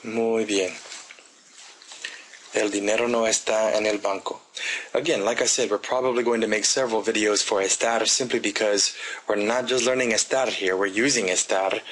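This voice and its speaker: A man teaching a grammar lesson, talking slowly and deliberately and pausing for the listener to repeat after him. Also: lowish voice, a bit bright, a little hiss or hum, rough recording. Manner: slow, deliberate drilling with pauses for repetition. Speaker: Spanish teacher.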